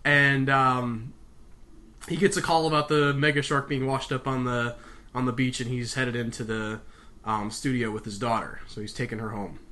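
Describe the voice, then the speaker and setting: A man's voice: mid-range voice, fairly even intonation, moderate pace, sharp tone. A young man hosting a casual, comedic book reading, full of rambling, sarcastic asides. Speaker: reader, host. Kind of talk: casual comedic read-aloud.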